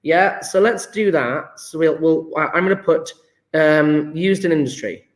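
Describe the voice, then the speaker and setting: A man teaching a live chemistry lesson, speaking slowly with a slightly raised pitch. He restarts and repeats phrases as he works through ideas. The sound is roomy and echoey. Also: steady tone. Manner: thinks aloud with restarts, drawn-out repetitions.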